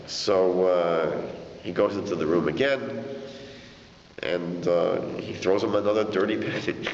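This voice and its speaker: A male rabbi telling a story in an animated way, acting out the quotes. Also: on the low side, moderate pace. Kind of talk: storytelling lecture. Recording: dull echoey hall, faint noise.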